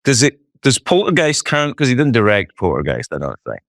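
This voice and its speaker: A man's voice: mid-range voice, wildly swooping pitch, brisk, fairly bright tone, dry recording, studio quality. A man hosting a podcast in casual chat, joking and swearing freely while on a remote call. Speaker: podcast host. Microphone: remote call, he is far from his guest.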